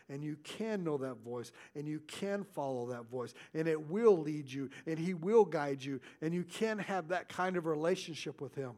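A man preaching a sermon as pastor, his delivery swinging between loud stresses and hushed, intimate asides. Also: fairly high pitch, animated, unhurried.

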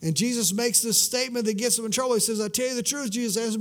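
A middle-aged pastor with a high voice preaches a sermon. He stumbles over and repeats words, then sinks to a soft, slow hush to stress a line. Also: fairly even intonation. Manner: swings from loud emphasis to hushed, drawn-out words; repeats words and restarts mid-sentence.

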